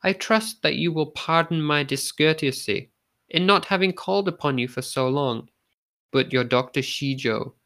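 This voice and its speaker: A man's voice: a little high, normal speed, a bit bright. A man reading a storybook, voicing an earnest, courteous young man who speaks in polite, formal phrases.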